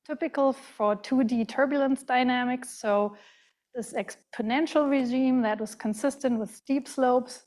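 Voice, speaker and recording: Halting woman lecturer, German accent. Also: fairly high pitch, a little mellow. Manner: careful, halting delivery with frequent fillers and self-corrections. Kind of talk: academic lecture. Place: large lecture hall.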